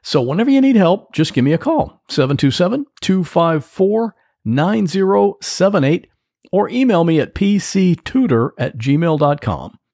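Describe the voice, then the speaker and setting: Chatty man with a gravelly, lively voice. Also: sits high, moderate pace, dry recording, studio quality. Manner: chatty, folksy, plain-spoken. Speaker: podcast host, computer repair tech. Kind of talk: solo podcast monologue. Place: home office.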